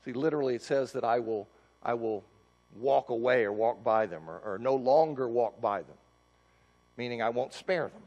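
A man's voice: mid-range voice, normal speed, darkish tone, muffled recording. A man preaching an expository sermon, reading scripture and explaining it, with emphatic rising bursts. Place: church sanctuary. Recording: long church reverb.

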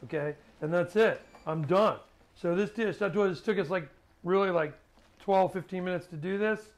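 A man's voice: high voice, moderate pace. A man hosting his own cooking video, chatting casually as he cooks and tastes, with plenty of fillers and restarts.

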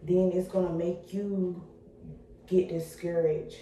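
Excited young woman vlogging on a phone. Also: lowish voice, slow pace, heavy reverb, recorded from a distance, a little hiss or hum. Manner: excited, chatty, motivational. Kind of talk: casual vlog talk to viewers.

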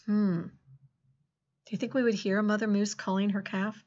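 A middle-aged woman teaching a phonics lesson to second graders, encouraging and sing-song, drawing words out slowly. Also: medium pitch, little pitch movement, a little mellow. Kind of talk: phonics lesson for young children. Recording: dull lo-fi classroom recording.

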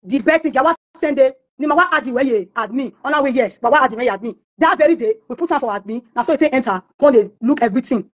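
A Nigerian woman talks at a racing clip in a high, bright-edged voice. She tells her story in an interview and keeps slipping into the voices of the people in it. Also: lively intonation, racing, hardly any pauses. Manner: acts out quoted voices of others while telling stories. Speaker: singer being interviewed.

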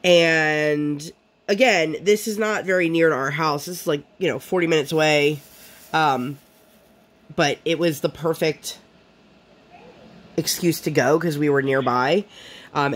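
A woman's voice: low-pitched, fairly even intonation, moderate pace. A woman vlogger chatting casually while she crafts, rambling and full of fillers.

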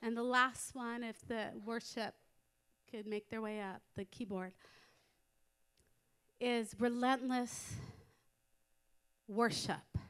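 A middle-aged American woman preaching a sermon in a church, telling stories in a lively way and building to emphatic exhortation. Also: a little high, slow, long pauses, smooth. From United States. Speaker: women's conference speaker. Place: church sanctuary.

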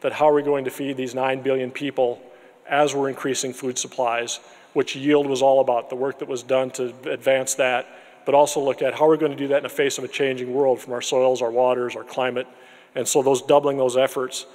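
A man at a podium in a big room, mid-pitched, earnest and measured, often restarting his phrases. His voice rings with a long hall reverb behind it. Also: flat delivery, a little mellow. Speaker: interim dean hosting a university celebration. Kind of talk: formal event remarks and speaker introduction. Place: large lecture room with an audience.

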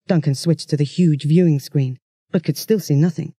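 A man's voice: fairly high pitch, moderate pace, breathy edge, no room sound, studio quality. A man reading a children's science fiction story aloud, telling it steadily. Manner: steady storytelling that shifts into character voices. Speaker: audiobook narrator.

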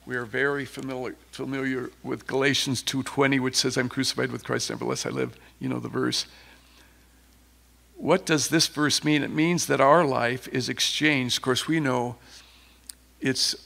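A man's voice: medium pitch, fairly even intonation, moderate pace, gravelly, a bit bright. A man preaching an informal sermon, conversational and rambling with many restarts, turning fervent at times.

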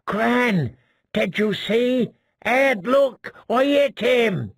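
A man voicing a timid, heavyset young man who yelps in high, excited bursts. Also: slow, no echo, clean studio sound, full character voice. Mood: astonished.

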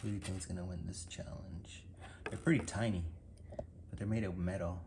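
A woman filming a children's toy battle on her phone, giving quick directions off camera in a casual, bossy way. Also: very deep voice, steady tone, gravelly, noisy background. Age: adult. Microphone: phone camera held by the speaker.

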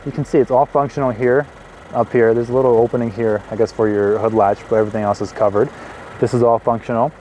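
A man in his twenties hosting a car review, talking in an excitable, chatty way with casual asides as he walks around a parked car outdoors. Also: mid-range voice, quick pace, slight background noise. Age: 20s.

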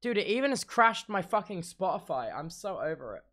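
A man's voice: high voice, sing-song, a little fast, a bit bright. Ranting young streamer guy. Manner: swears a lot and rants about tech trouble; repeats himself as he talks. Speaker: livestreamer. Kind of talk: casual stream chat.

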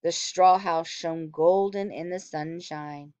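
A woman teacher reading a storybook aloud to children, expressive and animated, stopping to ask them questions. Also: lowish voice, slow, no echo. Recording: dull, dry lo-fi recording.

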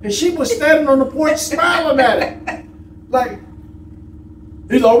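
With a very high voice and a measured pace broken by frequent pauses, a vlog co-host chats casually through his stories, animatedly impersonating the people in them. A faraway mic picks him up in an echoey room, with faint background noise.

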